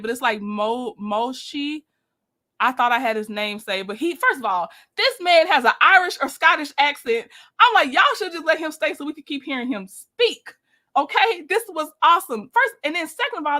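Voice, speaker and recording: A woman talks through a reality show for her channel in a casual, gossipy way, speaking straight to her audience. Her voice is bright and forceful and sits slightly high. She keeps dropping in her own blunt opinions. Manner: chatty, addresses viewers directly, opinionated asides. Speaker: YouTube commentator.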